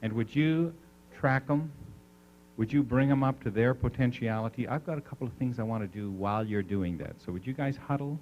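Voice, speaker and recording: A man addresses a live seminar audience, warming them up with quick questions before launching into stories. His voice is mid-pitched and rises and falls freely as he talks. A faint hum sits under the recording. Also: muffled recording. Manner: animated storyteller, coaxing the crowd with questions. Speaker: seminar speaker.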